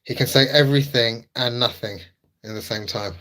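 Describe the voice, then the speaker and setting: A man's voice: mid-range voice, normal speed, pushed and bright, rough recording. A man chatting casually with his live-stream viewers, laughing often and teasing them.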